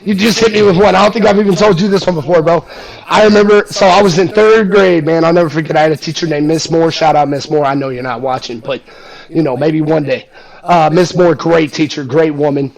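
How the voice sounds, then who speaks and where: A man's voice: fairly high pitch, steady tone, brisk, vocal fry, a crowd in the background, low-quality recording. A man hosting a casual livestream chat, telling rambling stories full of fillers. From Houston area. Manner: rambling storyteller, lots of fillers. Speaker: host.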